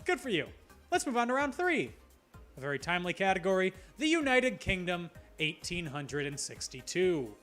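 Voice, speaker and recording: A man with a notably high voice hosts a live trivia quiz. He reads each question and slips in playful asides. Faint music plays in the background. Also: very animated, normal speed, a bit bright.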